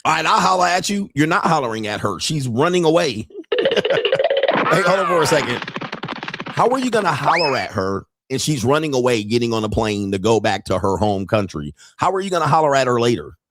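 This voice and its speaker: A man's voice: medium pitch, big pitch swings, brisk, heavy background noise. A man streaming reaction commentary on street pickup videos, blunt and profane, laughing often as he mocks what he watches, speaking.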